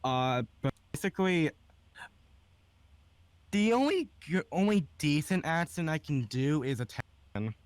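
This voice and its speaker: A man speaks haltingly, leaning on fillers and restarting his thoughts in a casual chat. His voice is dry and close on the mic, with no room echo. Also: a little high, sing-song, clean tone. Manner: hesitant, filler-heavy.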